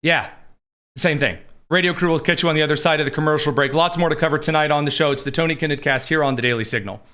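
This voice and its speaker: A man's voice: a little high, quick pace, bright, forceful tone. A man hosting a political commentary show, talking in a sarcastic, rambling way. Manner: sarcastic, digressive. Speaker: host.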